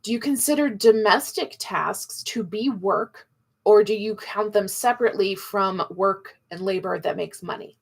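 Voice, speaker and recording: Playful woman teaching online, bit of vocal fry, acts out little voices. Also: mid-range voice, normal speed. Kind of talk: live online class.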